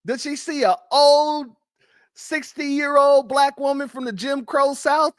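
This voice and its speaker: A man's voice: extremely high pitch, steady tone, slow, fairly bright tone, no room sound, studio quality. A man hosting a reaction commentary show, mocking and incredulous as he talks back at clips. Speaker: commentary host.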